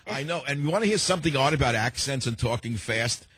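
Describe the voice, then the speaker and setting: A man's voice: mid-range voice, animated, fast, a bit bright, breathy edge, dry recording. An older man hosting a call-in talk radio show, talking in a sardonic, rambling way with heavy sarcasm.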